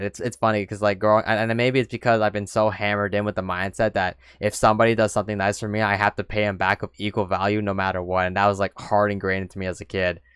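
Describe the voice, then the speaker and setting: Young adult male vlogger, rambling and candid, smooth voice, dry room. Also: lowish voice, fairly bright tone, no room sound. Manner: candid and rambling, rising to exasperated rants. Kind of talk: personal talk to camera.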